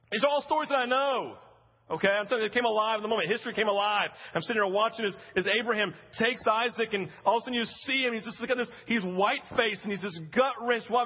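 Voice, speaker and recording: A middle-aged male pastor preaching a sermon, telling a story with animated acted-out voices. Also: high voice, breathy edge, big-room sound, dull audio. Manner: animated storytelling, acting out scenes.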